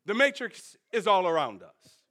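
A grave, calm mentor from a sci-fi film, voiced by a preacher, pitched well below his usual voice. He speaks softly and deliberately, leaning on every phrase. The tone stays bright and clear. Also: full character voice. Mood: solemn.

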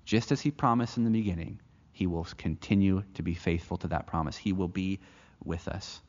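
Earnest low-voiced preacher man, echoey hall. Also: a little fast, a little mellow. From United States. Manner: earnest, storytelling, restarts phrases. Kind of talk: sermon with personal story. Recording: echoey hall, dull lo-fi sound.

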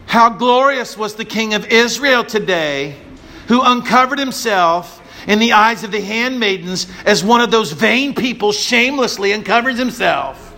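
A man's voice: sits high, animated, unhurried, pushed and bright, pitched above the performer's own voice, exaggerated voice. A man mocking as sneering royal wife Michal. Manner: sneering, mocking sing-song. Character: scornful royal wife, sarcastic woman.

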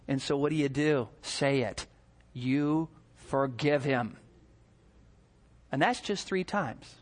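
A man's voice: mid-range voice, slow, long pauses. A male pastor preaching a sermon, telling stories and acting out scenes. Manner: animated storytelling, acts out scenes.

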